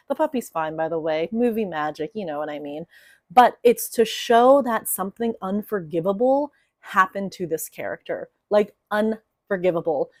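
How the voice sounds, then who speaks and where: A young woman explains writing craft in a loose, talkative way, full of "like" and "you know". Her voice sits slightly low, and the recording is close and dry with no room around it. She tells the story with real animation. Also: moderate pace, no room sound. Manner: chatty, animated storyteller with many fillers. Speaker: writing coach. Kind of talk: casual explainer to camera.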